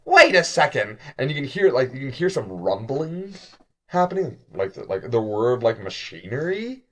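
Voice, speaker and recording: A man's voice: medium pitch, very animated, moderate pace, darkish tone. A man running a tabletop game as game master, laughing often and talking with many fillers.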